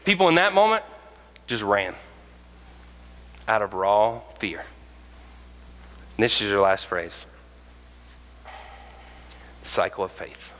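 A man preaching a sermon as pastor, animated and acting out the voices of the people in his stories. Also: lowish voice, slow, long pauses, long reverb tail, a little hiss or hum, poor audio. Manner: animated, acts out quoted voices.

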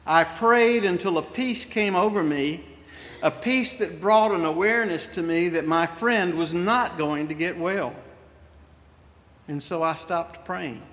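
A man's voice: high voice, fairly bright tone. A middle-aged male pastor preaching a sermon in a folksy storytelling way, with asides to his congregation. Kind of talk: sermon with personal stories. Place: church sanctuary. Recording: long reverb of a large church.

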